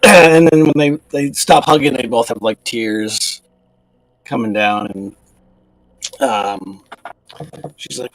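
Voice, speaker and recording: A man's voice: medium pitch, unhurried, pauses often, a little hiss or hum, rough recording. Casual man running a tabletop game. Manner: casual and loose, with many fillers and restarts. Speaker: game master.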